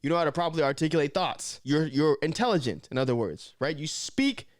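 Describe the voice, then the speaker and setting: A young man from Southern California talks to camera in a quick, lively stream. He is casual and streetwise, peppering lines with man and bro. The sound is dry and close, with no room around it. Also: on the high side, no room sound. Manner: animated, slips into mocking voices; streetwise slang, says man and bro often. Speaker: vlogger.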